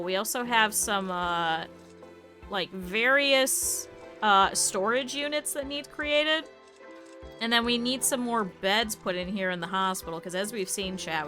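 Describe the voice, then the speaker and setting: A woman's voice: medium pitch, pushed and bright. A woman streamer giving live gameplay commentary, chatty, laughing often and talking to her game characters and chat.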